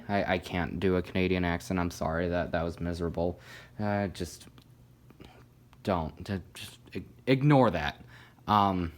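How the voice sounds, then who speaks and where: A man's voice: low-pitched, unhurried. A man casually narrating a hobby video about a ceiling fan, rambling with lots of fillers and self-deprecating asides. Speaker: ceiling fan collector showing a fan.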